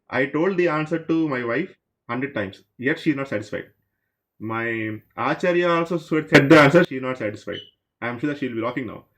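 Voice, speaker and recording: A man's voice: mid-range voice, fairly bright tone. A man who teaches a devotional story class and speaks conversationally, addressing his listeners directly.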